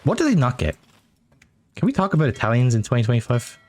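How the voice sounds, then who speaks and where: A man co-casting a strategy game live, chatty and quick to laugh. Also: medium pitch, big pitch swings, a little mellow. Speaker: guest co-caster.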